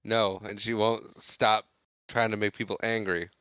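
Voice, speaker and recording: A man's voice: fairly low pitch, little pitch movement, unhurried, a bit bright, clear, resonant tone, dry recording, clean studio sound. A man co-hosting a podcast, chiming in with short, wry reactions and quips. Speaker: podcast co-host. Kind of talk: casual chat.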